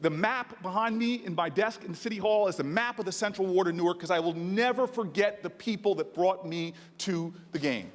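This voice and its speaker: An American man in his forties delivers an impassioned speech into a podium mic, his voice sitting very high. He tells stories with a preacher's cadence that swell into oratory. Long reverb from the conference hall trails each phrase. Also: a little fast, few pauses, slight background noise. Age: 40s. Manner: preacherly storytelling with rising oratory. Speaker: senator giving a speech.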